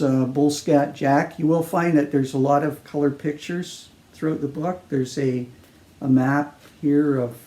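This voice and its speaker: A man, an author, reading his novel aloud at a library event, with loose, halting comments in between. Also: medium pitch, warm tone.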